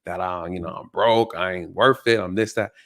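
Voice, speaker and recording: A man voicing an angry, remorseful man who tells his side of a fight in a low, mumbling voice. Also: moderate pace, a bit bright. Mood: sullen.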